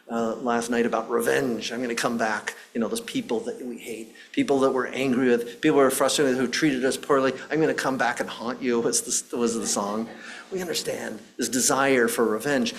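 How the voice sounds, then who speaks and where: Man, minister, sermon storytelling, earnest, halting restarts, mid-pitched voice. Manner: earnest, with frequent restarts and pauses.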